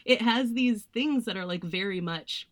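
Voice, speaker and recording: A woman's voice: mid-range voice, normal speed. A young woman co-hosting a podcast, chatting casually about films, with lots of "like" fillers and some sarcastic mocking. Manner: chatty, frequent "like" fillers, sarcastic mock voices. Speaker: podcast co-host. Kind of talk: casual film review chat.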